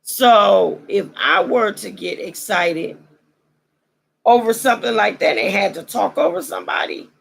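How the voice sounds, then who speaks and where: A woman's voice: mid-range voice, lively intonation, measured pace, gravelly, slightly rough, low-quality recording. A woman hosting a vlog, giving a casual commentary monologue. She roasts and preaches in a slangy way, and her throat is dry as she loses her voice. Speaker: vlog host.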